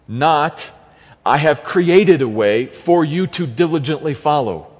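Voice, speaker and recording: A man's voice: on the high side, animated, unhurried. A man preaching an expository sermon as pastor, emphatic and repeating key phrases for stress. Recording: long reverb of a large hall.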